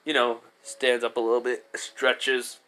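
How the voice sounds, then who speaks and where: A man's voice: mid-range voice, flat delivery, unhurried, bright, forceful tone, clean tone. Rambling man narrating a fan story. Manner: rambling, many fillers and restarts.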